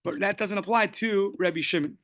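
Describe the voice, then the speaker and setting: A man's voice: sits high, a little fast, a bit bright. A man teaching a daily Talmud class, explaining the text step by step, quoting Aramaic and Hebrew phrases and joking lightly along the way. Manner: casual, joking asides.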